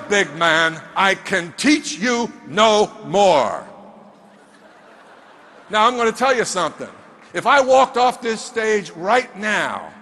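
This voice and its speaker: Emphatic male motivational speaker, bright high voice, big-hall reverb. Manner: emphatic, rhetorical questions to the crowd. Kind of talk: motivational stage talk. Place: stage in a large hall. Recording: long reverb of a large hall.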